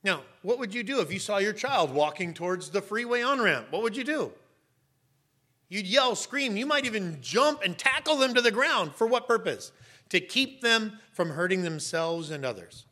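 A man's voice: high voice, sing-song, moderate pace. Emphatic man preaching a sermon. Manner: emphatic, rising to sharp raised shouts. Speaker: pastor.

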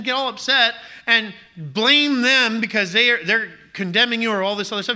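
A man with a high, keen voice delivers a sermon from the pulpit. He presses his point with rhetorical questions and emphatic repetition. His tone is sharp and cutting. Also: fairly quick, few pauses. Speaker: pastor.

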